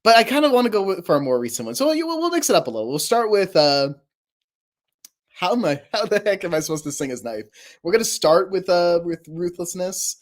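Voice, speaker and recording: A young male streamer chats casually on a livestream, rambling and laughing at himself in a self-deprecating way. His voice sits high with big pitch swings and a brisk pace, and his throat sounds a little sore.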